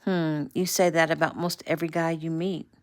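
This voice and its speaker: A fond, protective middle-aged father who teases his daughter gently, as a woman reader voices him. Her slightly low voice barely changes for him. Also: flat delivery, normal speed, natural voice. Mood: fatherly. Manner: warm, teasing, fatherly.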